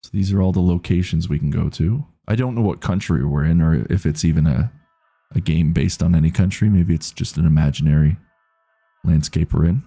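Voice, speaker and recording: Man, game streamer, casual chatty commentary, reads viewer messages, deep voice, gravelly fry. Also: fairly quick, mellow, soft background music.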